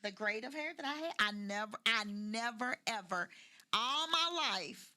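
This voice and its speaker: An older woman speaks with a country Kentucky twang, her soothing voice bright and clear. She talks in a folksy, homey way as a podcast guest, leaning on repeated phrases, and her pitch sits a touch high. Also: lively intonation, a little slow. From Louisville, Kentucky. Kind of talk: casual chat.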